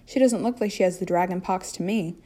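A sly, leering older nobleman, read by a woman. He talks in a smooth, smirking way in a low, mellow voice. It is a storybook reading. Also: brisk, lightly acted.

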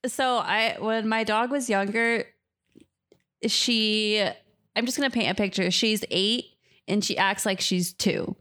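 A woman's voice: mid-range voice, fairly even intonation, measured pace, bright, forceful tone. A woman co-hosting a podcast, talking in a laid-back way, with casual swearing and lots of "like". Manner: laid-back, profane, filler-heavy talk. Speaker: podcast co-host. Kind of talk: casual chat.

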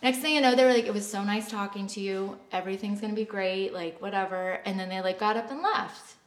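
A woman's voice: medium pitch, fairly quick. A woman co-hosting a podcast, telling a personal story in a rambling, casual way full of fillers. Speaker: podcast co-host. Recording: echoey room.

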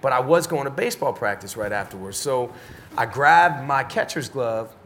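Forceful, animated middle-aged man telling stories. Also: mid-range voice, moderate pace, slight background noise. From United States. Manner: animated, profane, street-style slang. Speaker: podcast guest. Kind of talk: casual storytelling interview.

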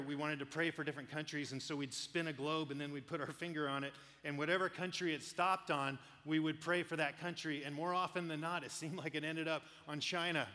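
Excited guy preaching, high bright voice, big hall echo. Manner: animated storyteller, laughs often, quotes people. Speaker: pastor. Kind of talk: sermon with personal stories.

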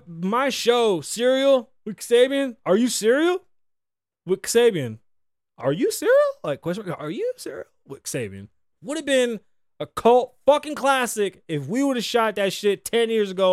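A man's voice: fairly high pitch, no room sound, clean studio sound. A man in his thirties hosting a casual solo podcast, ranting and joking in a loose, profane way. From United States. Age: 30s. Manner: loose, profane, joking rants with big swings. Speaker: podcast host.

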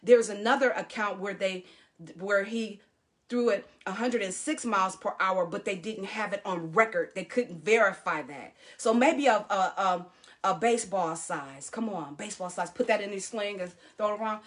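A woman pastor preaching a sermon, animated and calling out to the congregation. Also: medium pitch, moderate pace. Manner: animated preaching, calls out to the congregation, acts out voices.

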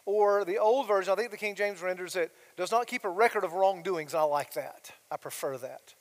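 In a church sanctuary full of long hall reverb, a middle-aged pastor preaches a sermon a little fast in a high voice. His delivery is conversational, packed with asides and rhetorical questions.

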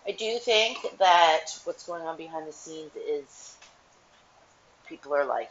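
Brief: woman host, rambling gossip chat at home, lively swinging voice, dull lo-fi recording. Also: low voice, measured pace, a little hiss or hum. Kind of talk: casual unscripted chat.

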